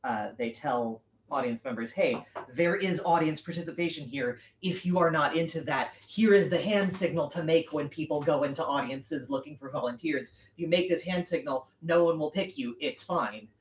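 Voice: mid-range voice, moderate pace, few pauses, slight background noise. Rambling stream host chatting while sewing. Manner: rambling, self-correcting, laughs easily. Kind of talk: casual chat while sewing. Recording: roomy, muffled home stream audio.

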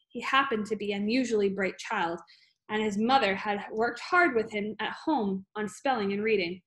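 A woman's voice: mid-range voice, normal speed, a bit bright. A woman narrating a children's novel aloud, reading steadily with occasional slips and fillers. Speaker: audiobook reader. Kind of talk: storybook narration.

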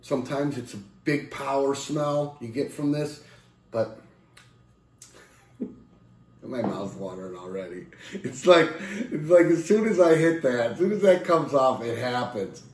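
Slow, chatty man in an echoey room. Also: mid-range voice, lively intonation, a little mellow. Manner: rambling, chatty, self-correcting; playful sound effects and jokes. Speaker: beer reviewer. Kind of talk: casual beer review vlog.

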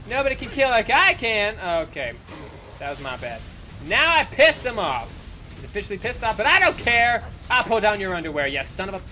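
A man hosting a gaming channel, giving loud, jokey, swearing commentary while he plays. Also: sits high, big pitch swings, brisk. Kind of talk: energetic gameplay commentary.

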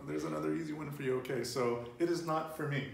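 A man's voice: a little high, fairly even intonation, fast, vocal fry. A man teaching a casual Spanish lesson, patiently prompting his learner and repeating her answers. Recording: roomy, distant mic with faint noise.

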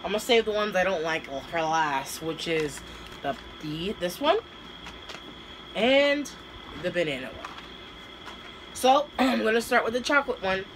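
A woman's voice: medium pitch, animated, a little slow, long pauses, background noise. A woman vlogger chatting casually and hesitantly as she unboxes and taste-tests snacks, with many fillers. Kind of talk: casual taste-test vlog.

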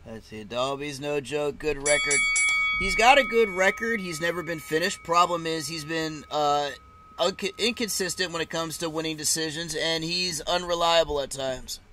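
A man's voice: a little high, normal speed, sharp tone, faint music behind. A man casually chatting and laughing as he reacts live to a fight card, with loose, swearing banter.

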